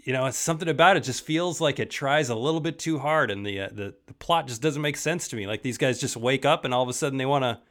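A man hosting a podcast, chatting in a relaxed, measured way. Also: medium pitch. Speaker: podcast host. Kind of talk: casual podcast chat.

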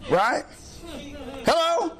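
High-pitched emphatic male preacher. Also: animated, extremely slow, crowd noise. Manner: emphatic, rhetorical call-and-response. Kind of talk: sermon.

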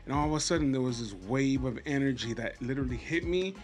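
A man's voice: medium pitch, quick pace, a little mellow, soft background music. Easygoing man in a casual chat.

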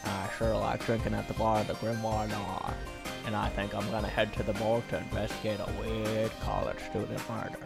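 A man playing in a tabletop game podcast, with a low, gravelly voice. He jokes around in goofy, playful banter, and music plays under his talk. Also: flat delivery, a little fast. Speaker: player. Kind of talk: casual podcast chat.

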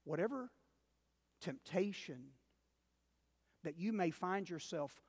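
A male pastor preaching a sermon, telling a story dramatically with big swings between loud and hushed. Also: high-pitched, animated, takes it slowly, husky. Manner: addresses listeners as "dear ones". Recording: long reverb of a large hall.

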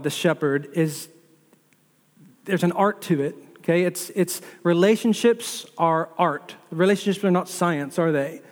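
A man's voice: a little high, darkish tone. A man preaching a sermon as pastor, building repetitive lists and asking the listeners rhetorical questions. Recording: long reverb of a large hall.

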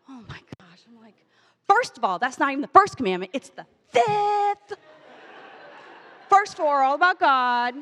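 A woman's voice: sits high, normal speed. Woman telling a personal story in a hall. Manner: animated, acts out quoted voices.

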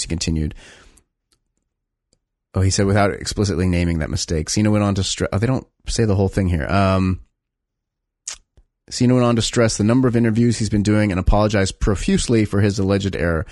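A man's voice: fairly low pitch, brisk, pauses often, darkish tone, no echo, studio quality. Blunt, profane podcast co-host man. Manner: blunt and profane, acts out quotes. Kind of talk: casual chat.

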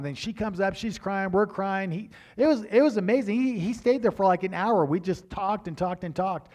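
An older man preaching and telling a story in a sermon, animated, with frequent repeated restarts. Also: sits high, moderate pace, few pauses. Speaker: pastor.

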